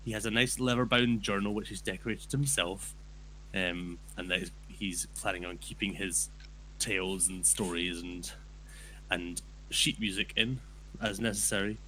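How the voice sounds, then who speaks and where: A man playing in a tabletop game describes his character, hesitant and apologetic. His voice is bright and slightly tense, somewhat low in pitch. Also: fairly even intonation, moderate pace, slight background noise, poor audio. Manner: hesitant, full of ums and apologies. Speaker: player. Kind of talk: casual chat at a tabletop game.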